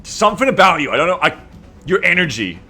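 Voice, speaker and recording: A man's voice: a little high, big pitch swings, quick pace, pushed and bright, faint music behind. A man streaming a strategy game, chatting casually with viewers and reading their messages aloud in a playful, teasing way, laughing often.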